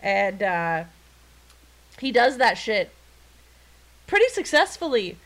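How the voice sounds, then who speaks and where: A woman co-hosting a podcast in casual, excited chat, swearing freely and laughing often. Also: medium pitch, slow. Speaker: podcast co-host.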